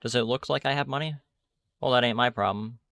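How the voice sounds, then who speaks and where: A man's voice: mid-range voice, brisk, gravelly, fairly bright tone, dry recording. A man reading the lines of a blunt male panhandler in a video game who asks for a beer. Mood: pushy.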